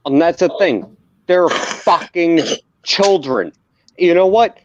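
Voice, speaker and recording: A man's voice: on the high side, lively intonation, takes it slowly, slight background noise. An American man co-hosting a podcast, delivering an angry, mocking rant full of swearing. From United States. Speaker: podcast co-host. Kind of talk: profane rant. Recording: dull lo-fi sound.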